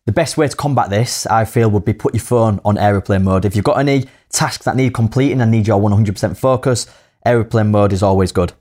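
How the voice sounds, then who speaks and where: This podcast co-host has a Hull accent and a lowish, brisk voice with a darkish tone. Chatting casually, he laughs easily and works through a numbered list of tips one point at a time.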